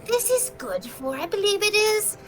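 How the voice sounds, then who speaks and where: A woman's voice: extremely high pitch, very animated, normal speed, over music, pitched above the performer's own voice. A woman voicing an elderly male goblin ticket seller who is fussy and kindly, repeating his words in a sing-song way. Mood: welcoming.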